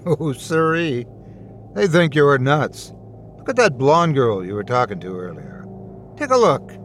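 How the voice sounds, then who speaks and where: A man's voice: mid-range voice, sing-song, measured pace, a bit bright, a little hiss or hum. A man voicing a sinister, ageless male boogeyman who taunts with mocking glee. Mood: taunting. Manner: mocking, relishing cruelty.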